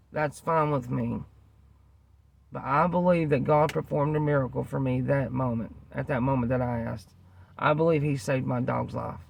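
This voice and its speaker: A man's voice: medium pitch, vocal fry, a little hiss or hum. A man earnestly tells a rambling personal story to the camera, repeating himself and using many fillers. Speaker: vlogger telling a personal story.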